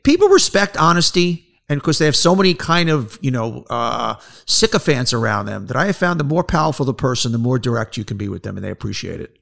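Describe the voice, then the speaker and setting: Gravelly-voiced male interview host. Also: mid-range voice, very animated, a little fast, fairly bright tone. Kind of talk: casual interview.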